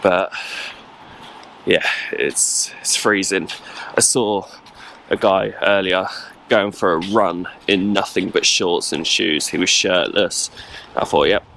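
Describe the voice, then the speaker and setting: Casting: low-voiced man, rambling casual travel vlogger, handheld camera outdoors, faint street noise. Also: takes it slowly, vocal fry, long pauses, sharp tone. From England. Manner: rambling, chatty, lots of fillers. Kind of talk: casual vlog chat. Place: outdoors in a cold old town.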